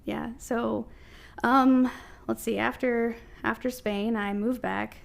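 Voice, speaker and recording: A woman's voice: fairly high pitch, fairly even intonation, slow pace, creaky. Midwestern American woman, podcast guest, chatty storyteller who laughs a lot. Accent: American Midwest (Ohio). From Ohio, USA. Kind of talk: casual chat.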